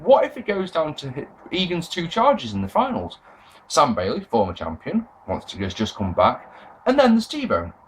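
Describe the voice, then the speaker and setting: A young man from England talking casually to camera, rambling excitedly and swearing freely as he reviews shows. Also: medium pitch, poor audio. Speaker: wrestling fan vlogger.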